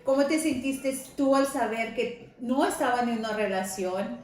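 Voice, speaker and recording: A high-voiced woman co-hosts a casual podcast chat, asking questions and switching freely between Spanish and English. The room gives her voice a heavy echo. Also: moderate pace, a little mellow. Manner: chatty, asks questions, mixes Spanish and English. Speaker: podcast co-host.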